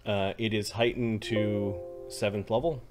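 A man's voice: fairly low pitch, steady tone, measured pace, over music. Easygoing male game master narrating. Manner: descriptive, casual with fillers.

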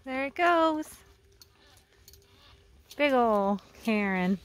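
A woman's voice: a little high, lively intonation, drawn-out words. Woman cooing to her horses. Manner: cooing, playful talk to animals, frequent laughs. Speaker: vlogger on a trail ride. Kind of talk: casual vlog narration. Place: outdoors on a trail by a creek.

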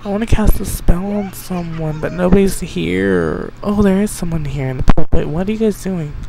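A man giving excitable, chatty let's play commentary, bossing his game characters around. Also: high-pitched, normal speed, gravelly. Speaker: game streamer. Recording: noisy home recording.

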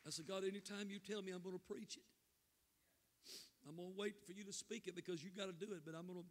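A man's voice: high-pitched, fairly even intonation, quick pace, long reverb tail, slight background noise. An older man preaching a revival sermon, telling a story with fervent emotion, his voice catching and stretching out phrases. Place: church sanctuary.

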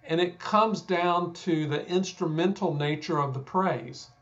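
Man, Texan accent, somewhat high voice, thoughtful, fillers and restarts, slightly dull audio. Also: a little slow, a bit bright. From Texas. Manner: thoughtful, self-deprecating, frequent fillers and restarts. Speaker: guest scholar. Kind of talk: conversational explanation.

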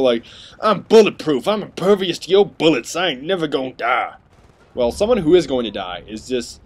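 A young man giving casual, sarcastic commentary over his own gameplay, now and then mocking other players in silly voices. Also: mid-range voice. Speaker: gaming commentator.

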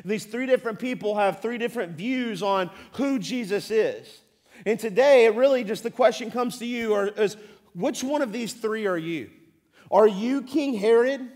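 A male pastor with a high-pitched voice delivers a sermon to his congregation in a church. His delivery is conversational, full of check-ins with the room. He acts out voices from the story as he goes. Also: normal speed, a little mellow. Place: church sanctuary.

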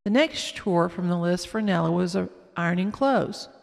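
A woman reading a children's story aloud slowly and carefully, with small slips. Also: lowish voice, creaky. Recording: long echoing reverb.

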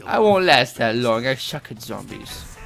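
A young man giving live gameplay commentary, excitable and rambling, swearing and yelping often. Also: medium pitch, a little slow, vocal fry, faint music behind.

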